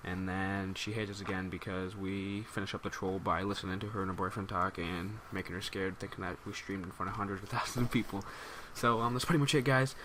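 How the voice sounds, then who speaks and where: A man's voice: low voice, fairly even intonation, brisk, few pauses, background noise. A man telling a rambling, amused story as casual commentary for his gaming channel. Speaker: gaming YouTuber.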